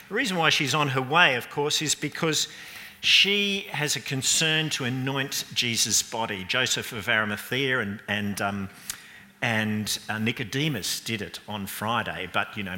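A man's voice: medium pitch, bright, forceful tone. A man giving an all-age Easter sermon, playfully coaching volunteers through a re-enactment with running stage directions. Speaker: pastor. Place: church. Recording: reverberant church hall.

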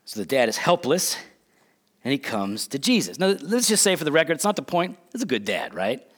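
A middle-aged man preaching a sermon, animated, with frequent restarts and asides to the congregation. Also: medium pitch, fairly quick, slightly rough. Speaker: pastor.

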